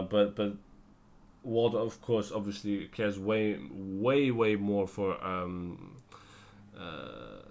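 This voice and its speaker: Slow, low-voiced tired man rambling. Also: a bit bright. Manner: rambling, many fillers and self-corrections; breaks into brief character impressions. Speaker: TV show reviewer. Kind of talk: casual spoken review.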